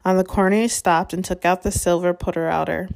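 A woman narrating a chapter of a storybook in a measured, steady way. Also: fairly low pitch, vocal fry. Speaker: audiobook reader.

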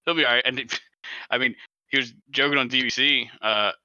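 A man co-hosting a podcast, chiming in casually with quick reactions. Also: mid-range voice, fairly even intonation, pushed and bright, smooth, no echo, lo-fi sound. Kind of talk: casual chat.

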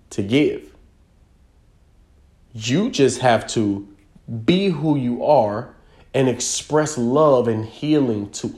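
Guy doing a spiritual talk, dark mellow voice, repeats stuff for emphasis, keeps asking if you follow. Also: medium pitch. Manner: repetitive, emphatic, checks in with listener.

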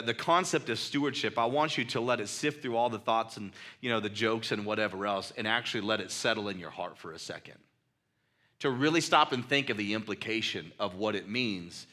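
A male pastor preaching a sermon in a loose, conversational storytelling way, full of fillers and "like," acting out his own angry shouts. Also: lowish voice.

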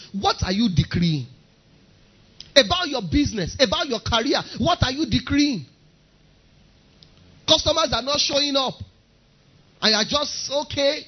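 High-voiced, husky male preacher, emphatic. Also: lively intonation, normal speed, long pauses, highs cut off. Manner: emphatic, repeats key phrases. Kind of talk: sermon.

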